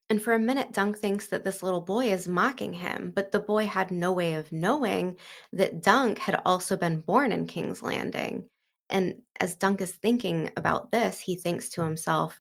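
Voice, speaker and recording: A woman's voice: medium pitch, normal speed. A woman hosting a casual book breakdown, chatty and full of fillers like "like" and "kind of". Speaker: book discussion host.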